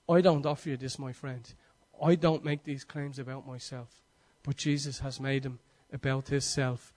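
A man with an Irish accent preaching a sermon, telling stories with passion and swinging between loud and hushed delivery. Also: medium pitch, flat delivery, moderate pace, hardly any pauses.

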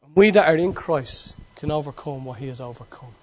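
Irish male preacher, high voice, impassioned storyteller, loud-to-hushed swings. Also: fairly quick, slight background noise. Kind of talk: sermon.

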